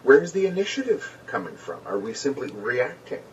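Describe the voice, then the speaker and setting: A man's voice: medium pitch, huge pitch swings, fairly quick, slight background noise. A man musing aloud, hesitant and questioning, with frequent ums. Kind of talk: musing discussion. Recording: muffled distant recording played back.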